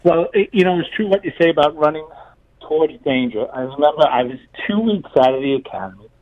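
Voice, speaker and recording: An older retired New York City police officer from New City phones in to tell stories, chatting away and repeating words as he goes. His voice is fairly high-pitched, animated, and fast, and the sound is lo-fi.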